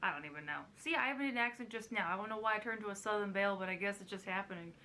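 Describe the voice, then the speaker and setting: A woman's voice: medium pitch, rapid-fire, sharp tone, slight background noise. A young woman author chatting casually and a little nervously to camera in a vlog, with frequent giggles. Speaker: author and vlogger.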